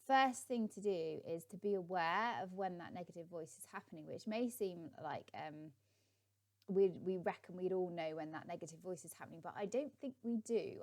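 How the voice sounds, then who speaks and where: A woman's voice: lowish voice, darkish tone. A middle-aged woman, a life coach, giving a guided visualisation tip in a chatty, encouraging way with many ums.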